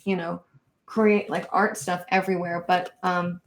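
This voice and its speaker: Casual, gravelly-voiced woman live-stream host. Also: fairly low pitch, little pitch movement, unhurried. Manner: chatty, reads viewer comments aloud, many fillers. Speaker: hoop dance channel host. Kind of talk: casual live-stream chat reading comments.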